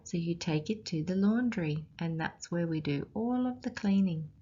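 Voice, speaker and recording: A woman's voice: on the low side, husky, lo-fi sound. A woman with an Australian accent, teaching as she reads a picture book aloud to children and asks them questions along the way. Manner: slow, expressive, questioning children.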